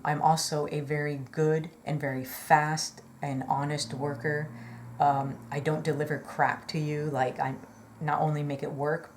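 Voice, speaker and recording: A woman's voice: deep voice, a little mellow. A woman telling a personal story in a chatty, rambling way, earnest and full of fillers and apologetic asides. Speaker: vlogger.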